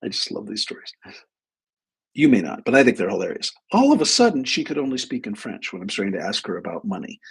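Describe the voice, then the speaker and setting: Husky-voiced man telling a story. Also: lowish voice, fast talker. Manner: storytelling, animated asides. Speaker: host, clinician. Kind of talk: live-stream advice talk.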